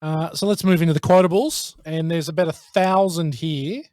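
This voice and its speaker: A man hosting a casual film podcast, animated and quick to laugh. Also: on the high side, no room sound, clean studio sound. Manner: animated, laughs often, acts out movie quotes. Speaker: podcast host.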